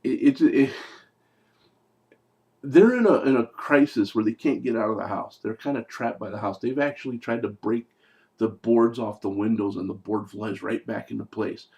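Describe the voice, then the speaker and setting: A man's voice: mid-range voice, moderate pace, gravelly, darkish tone. A man reviewing a movie in casual talk, sarcastic and profane, with rambling asides.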